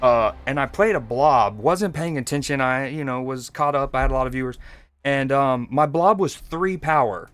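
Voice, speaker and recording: On a dry recording, a man from Georgia talks at normal speed in a mid-range, fairly bright voice. He streams a card game, relaxed and joking as he keeps up with his chat.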